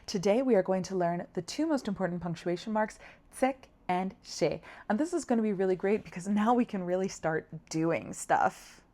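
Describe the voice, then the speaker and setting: Woman, young adult, language teacher, patient, encouraging, sounds out syllables slowly, mid pitch. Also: mellow. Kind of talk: friendly scripted lesson.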